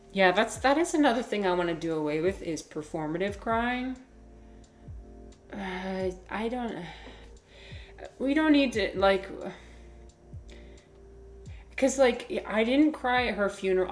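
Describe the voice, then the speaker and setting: A woman talking casually on a livestream, reading chat aloud. She is animated, swears freely, laughs often and uses many fillers. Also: lowish voice.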